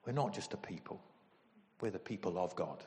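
A man preaching a sermon as pastor, emotional and animated, with sudden loud bursts. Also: sits low, normal speed, big-room sound, slight background noise.

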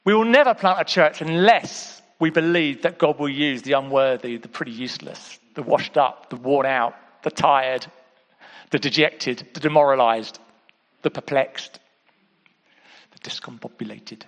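A man preaching in a high, lifted voice, speaking to his congregation like friends. He drops to near-whispers, then bursts into emphatic exclamations. His words ring out in a large hall with a long reverb tail. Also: moderate pace. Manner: swings between hushed intimate asides and emphatic exclamations; conversational, with repeated calls to the audience. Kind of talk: sermon.

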